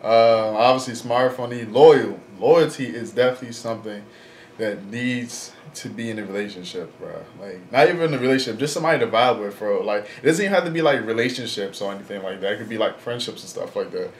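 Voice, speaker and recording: A man's voice: medium pitch, fast talker. A man in his twenties talking casually in a vlog, rambling with lots of fillers and slang, blunt and frank. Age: 20s. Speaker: vlogger. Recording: echoey room, faint background noise.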